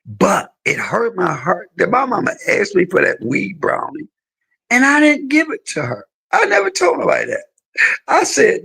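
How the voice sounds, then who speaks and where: A man talking on a live stream, telling an emotional story in an animated way, swearing freely. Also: high voice, normal speed, vocal fry, slightly rough, low-quality recording.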